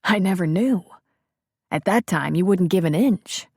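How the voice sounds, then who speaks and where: A woman reading the part of a tender, confident male lover in an audiobook, with soft, intimate delivery. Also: on the low side, measured pace, breathy edge, dry recording, clean studio sound. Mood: playful.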